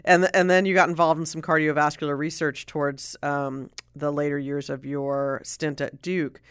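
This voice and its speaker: A man's voice: a little high, little pitch movement, normal speed, a bit bright, smooth, no echo, studio quality. A man hosting a podcast interview, asking questions with teasing jokes. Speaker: podcast host.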